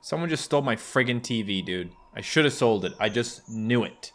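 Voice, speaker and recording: A young man doing goofy, comedic commentary while playing a game, jumping into loud excited outbursts. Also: medium pitch, brisk, background noise. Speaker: gaming YouTuber. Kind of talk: comedic let's play commentary. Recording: faint game music behind.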